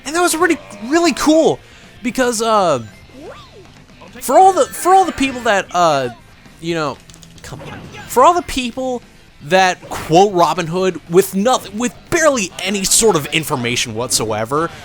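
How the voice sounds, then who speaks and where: A man's voice: high-pitched, sing-song, moderate pace, a bit bright, faint music behind. A man doing casual let's play commentary, rambling through a story with many fillers and swearing at the game now and then.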